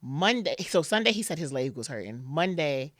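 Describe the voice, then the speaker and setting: A woman's voice: sits low, moderate pace, dry recording, studio quality. A woman guest on a podcast, telling a personal story and acting out what people said, with plenty of "like" fillers. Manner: animated retelling, acting out quotes, many "like" fillers.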